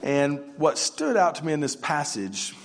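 A man's voice: on the high side, big pitch swings, measured pace, slight background noise. Man preaching a story-driven sermon. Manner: storytelling, vivid retelling with repetitions.

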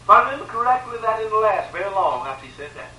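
A man preaching a sermon with emphatic repetition, swinging between loud pleading and quiet, sorrowful lines. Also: high-pitched, big pitch swings, quick pace. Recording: echoey room from far off, faint ambience.

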